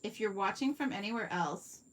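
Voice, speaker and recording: A Canadian woman runs a live craft tutorial as a card-making demonstrator, walking viewers through each step at her workspace and replying to their comments. Her mid-range voice is expressive and fairly quick, with background noise behind it.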